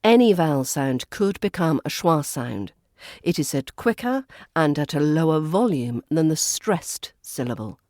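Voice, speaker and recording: A woman with a Southern English accent teaching pronunciation on a podcast, repeating example words slowly and clearly. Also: sits low, very animated, darkish tone, no room sound, clean studio sound. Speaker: accent coach. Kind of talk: podcast lesson.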